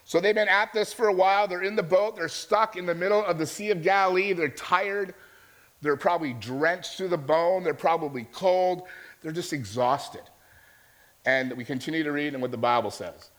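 A man preaching to his congregation, his voice sitting a little on the high side. He tells the story as a conversation, often pausing to check that his listeners are following him. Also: a bit bright. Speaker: pastor. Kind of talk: sermon.

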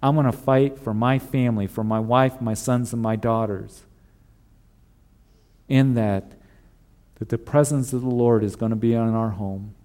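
A man's voice: mid-range voice, steady tone, unhurried, long pauses, darkish tone. A male pastor preaching a sermon in an earnest way, repeating emphatic refrains.

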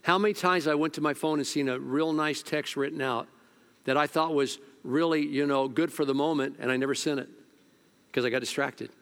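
A male pastor preaching a sermon at a church service, telling stories, sometimes hushed and sometimes loud. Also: fairly high pitch, steady tone, brisk, clean tone.

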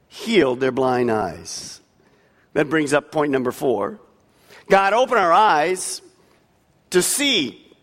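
A pastor preaches a sermon in a large church hall, his slightly high, somewhat bright voice delivered emphatically, swelling and dropping. Long hall reverb fills the recording.

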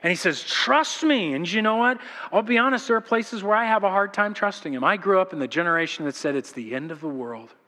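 Male pastor, sermon, high voice, animated storytelling, long hall reverb. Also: fairly quick, hardly any pauses. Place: church sanctuary.

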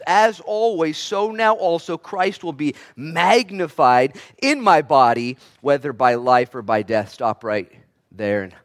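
A man preaching from the pulpit, his voice sitting a little high for a man. He drops to a hush and then climbs back up loud, and he acts out the people he quotes. It sounds like a live sermon through a church mic. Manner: preaching with wide swings from hushed to loud, acting out quoted voices. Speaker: pastor.

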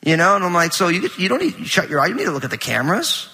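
A middle-aged man preaching a conversational sermon in a large church auditorium, animated and full of anecdotes with quoted dialogue. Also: high-pitched, rapid-fire, breathy edge, big-room sound. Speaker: pastor.

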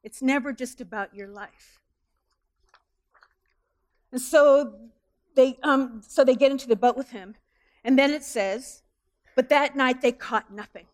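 A woman pastor preaches to her church in an animated way, asking her listeners many questions. Her voice sits a little high for a woman. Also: unhurried, pauses often. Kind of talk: sermon.

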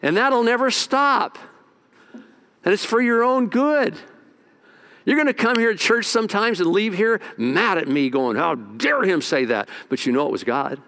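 A male pastor delivering a sermon in a somewhat high voice. He pushes hard on warnings and drops low for quieter asides, acting out little scenes as he goes. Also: lively intonation, a little slow. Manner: dramatic, swings between loud exhortation and quiet asides.

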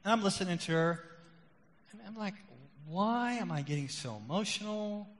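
A middle-aged male pastor preaching a sermon, rising loud and emphatic on key points, then dropping quiet and confessional. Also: sits high, lively intonation, normal speed. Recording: long hall reverb.

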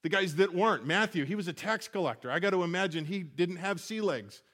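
A man's voice: sits high, animated, brisk, a bit bright. A man preaching a sermon, retelling scripture stories in an earnest, conversational way with frequent restarts. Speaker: pastor.

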